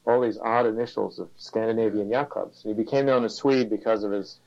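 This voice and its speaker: An older man recalling weekend sailing trips in a casual, halting way. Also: lowish voice, steady tone, gravelly, a little mellow. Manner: halting, hesitant storytelling. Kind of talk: casual reminiscing. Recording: dull lo-fi recording.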